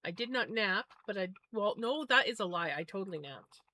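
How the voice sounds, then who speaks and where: A woman's voice: medium pitch, expressive, fairly quick, pushed and bright. A woman livestreamer chatting casually and musing aloud while spinning yarn, often correcting herself.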